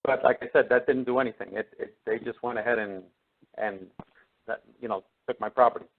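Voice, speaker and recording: A man's voice: mid-range voice, steady tone, a little fast. A man calling in to a radio show, telling his story hesitantly with many fillers. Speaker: caller. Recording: tinny phone line.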